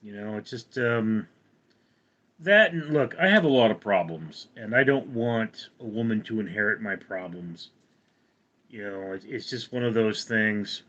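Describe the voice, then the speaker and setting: A man's voice: lowish voice, animated, unhurried, a bit bright, muffled recording. A man hosting a casual livestream, rambling and answering viewers' chat questions. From California. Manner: rambling, reads chat aloud. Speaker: livestream host.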